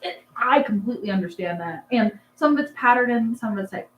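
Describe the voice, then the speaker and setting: A woman's voice: on the high side, lively intonation, a little fast, reverberant, dull audio, slight background noise. A young woman hosting a casual livestream, chatting and answering comments in a rambling, filler-heavy way. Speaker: livestream host, rabbit breeder. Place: dark barn at night.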